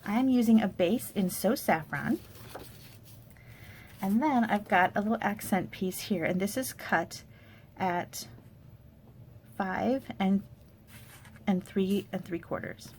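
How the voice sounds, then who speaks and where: An upbeat woman gives a casual crafting tutorial, chatty and friendly as she shows off each supply. Her voice has a gravelly, fry-tinged edge. A faint hum of noise sits under the recording. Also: mid-range voice, slow, pauses often, a little mellow. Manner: upbeat, chatty product walkthrough. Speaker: card-making demonstrator.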